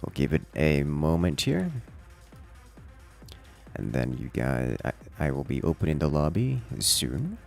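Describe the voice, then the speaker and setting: A man's voice: a bass voice, big pitch swings, measured pace, vocal fry, soft background music. An American man with an urban accent, streaming a game and chatting playfully with his viewers. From United States. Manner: playful, joking with chat. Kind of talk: casual livestream chat while playing.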